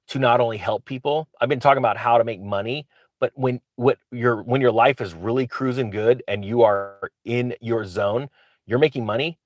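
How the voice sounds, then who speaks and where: A man hosting his own channel, talking casually to camera in an excitable, rambling way with frequent restarts. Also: on the low side, no room sound. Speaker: real estate investor and channel host.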